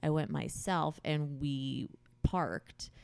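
A woman in her thirties chatting casually as a co-host, telling stories in an animated way and acting out the quotes. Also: deep voice, takes it slowly, vocal fry, a little hiss or hum. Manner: animated storytelling with acted quotes. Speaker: podcast co-host, mother. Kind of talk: casual chat.

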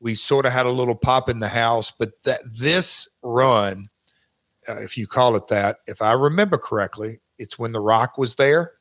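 A man's voice: mid-range voice, normal speed, fairly bright tone. Man in a rambling interview chat. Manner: rambling, restarts often. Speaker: guest recalling his wrestling career. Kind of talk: casual interview talk.

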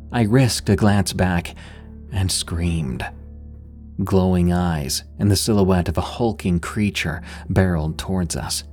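A man reading a scripted horror story in a measured, suspenseful way. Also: low voice, a little mellow.

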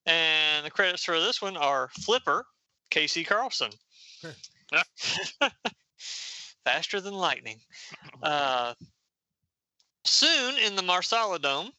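A man's voice: a little high, sing-song, slow pace, pauses often, sharp tone, dry recording, poor audio. A man casually recapping a comic book issue, reading the characters' lines aloud in playful raised voices.

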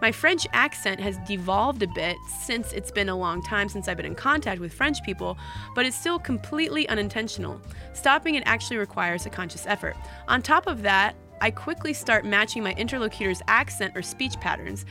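Bright-voiced woman podcast co-host, chatty. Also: medium pitch, expressive, brisk, soft background music. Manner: chatty, restarts and repeats words. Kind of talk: casual podcast chat and reading listener mail.

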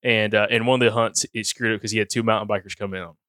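Male co-host, quick, chatty storyteller, dry studio sound. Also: lowish voice, dry recording. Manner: rambling storyteller, animated retellings. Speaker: podcast co-host. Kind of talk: casual hunting chat.

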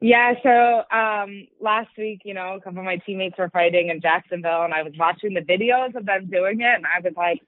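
A woman's voice: medium pitch, moderate pace, no echo. A woman fighter chatting casually in an interview, rambling with lots of likes and you-knows. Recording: dry, tinny phone-like line.

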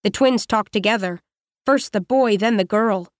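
A woman reads first-person audiobook narration into a close studio mic. Her voice sits mid-range and her pace is measured, with short, plain sentences. The sound is dry and close. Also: mid-range voice, dry recording.

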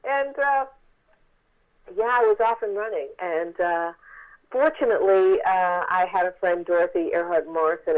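Woman author, phone interview, animated storytelling, quoted voices acted out, muffled line. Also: on the low side.

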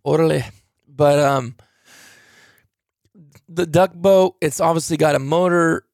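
Male podcast host, mid pitch, gravelly texture, dry sound; tired, rambling, casual delivery. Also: slow, a little mellow, no echo. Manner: rambling, conversational, many fillers. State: tired, yawning. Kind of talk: casual solo podcast talk answering a listener.

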